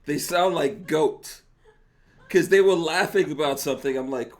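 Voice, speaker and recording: A man's voice: fairly high pitch, lively intonation, normal speed. A middle-aged man hosting a casual podcast chat, laughing often and mimicking people as he tells stories. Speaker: podcast host.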